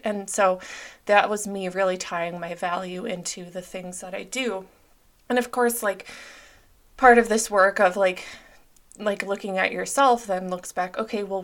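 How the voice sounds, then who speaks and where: A woman's voice: medium pitch, fairly bright tone. A young adult woman hosting a self-help podcast, talking openly and earnestly with lots of fillers. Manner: open, earnest, filler-heavy. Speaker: podcast host.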